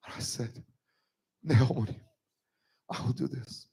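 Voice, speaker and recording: A man's voice: animated, normal speed, vocal fry, pauses often, husky. Emotional man giving a church testimony. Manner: emotional, rising to high strained pitch when moved. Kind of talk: personal testimony sermon.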